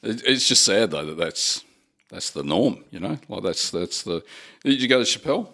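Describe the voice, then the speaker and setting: A man's voice: lowish voice, big pitch swings, normal speed, vocal fry, bright, forceful tone. A man with an Australian accent, a guest on a casual podcast, talking bluntly and swearing as he grumbles. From Western Australia.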